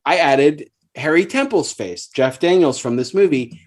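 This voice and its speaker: A man's voice: fairly high pitch, animated, a little slow. A man in his forties co-hosting a podcast, telling movie memories in casual chat with frequent stammering restarts. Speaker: podcast co-host.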